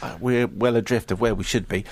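A man presenting a live radio show, reading listener messages and news updates in a brisk, wry manner. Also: fairly low pitch, fairly even intonation, no echo. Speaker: radio host.

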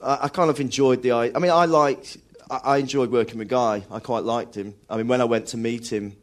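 A man's voice: medium pitch, steady tone, fairly quick. A man, an actor, talking in a live radio interview and often restarting while searching for words. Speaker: actor, studio guest. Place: live radio broadcast at a film festival.

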